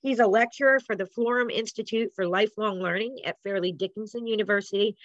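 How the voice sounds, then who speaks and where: A woman's voice: mid-range voice, no room sound. Woman introducing a speaker, dull call audio. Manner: polite, reads a prepared bio. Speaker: event host introducing a speaker. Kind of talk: formal introduction. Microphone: video call.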